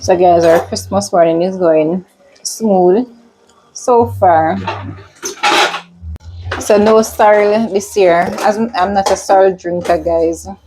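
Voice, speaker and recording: A woman with a Jamaican accent chatting casually in a vlog, relaxed and slipping into patois. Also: medium pitch, slow, pauses often, background noise. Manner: relaxed, mixes patois into chat. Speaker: vlogger.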